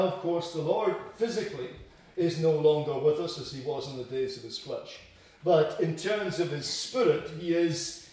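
A man delivers a sermon in an earnest, emphatic manner, lifting his voice to press home each point. His slightly raised voice sounds distant from the microphone and rings around a very echoey hall. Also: darkish tone. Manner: earnest, emphatic, rises in pitch and volume to stress points. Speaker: preacher.

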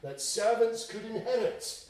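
A man preaching a sermon in a church, emphatic, swinging between loud and quiet to drive home his points. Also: high voice, lively intonation, a little slow. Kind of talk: expository sermon. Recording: echoey room, distant mic.

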